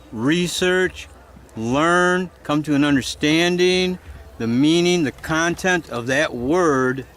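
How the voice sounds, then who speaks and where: A man speaks about faith in an earnest, halting way, very slowly. Faint noise hangs behind him. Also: mid-range voice, fairly bright tone. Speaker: Christian speaker. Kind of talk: reflective talk.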